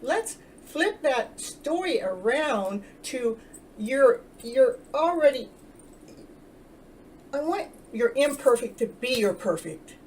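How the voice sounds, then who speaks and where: A woman's voice: high voice, very animated, slow, a little mellow. A woman hosting a casual self-love livestream, rambling, earnest and chatty, greeting viewers and laughing now and then. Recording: distant mic with faint background noise.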